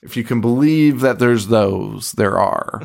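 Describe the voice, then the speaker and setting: A man co-hosting a casual movie-recap podcast, animated, laughing often, swearing freely and acting out scenes in quick put-on voices. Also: medium pitch, creaky. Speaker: podcast co-host.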